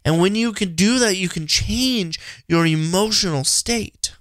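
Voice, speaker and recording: A man's voice: high voice, unhurried, a bit bright, no room sound. A man with a slightly raised voice gives an earnest, encouraging faith talk for his podcast, stumbling and restarting often as he repeats his key points. The sound is dry and close, with no room around it. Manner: earnest, repetitive, frequent restarts. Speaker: podcast host.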